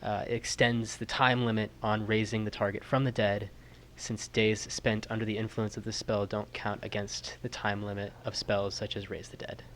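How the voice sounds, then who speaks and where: A man playing a tabletop role-playing game, describing his character in slow, hushed, emotional storytelling. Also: fairly low pitch, flat delivery, a little hiss or hum. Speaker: player.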